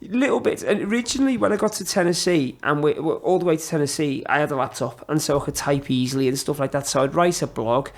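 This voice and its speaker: A middle-aged man, a podcast guest, telling rambling, animated anecdotes in casual chat, full of fillers. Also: fairly high pitch, quick pace, hardly any pauses.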